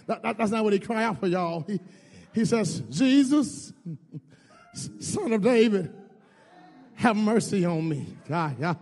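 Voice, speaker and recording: Male preacher, very high gravelly voice, call-and-response sermon, long church reverb. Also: lively intonation, slow, long pauses. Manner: call-and-response preaching, shouting and dropping low; repeats words and addresses the congregation as y'all. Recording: reverberant hall with music under.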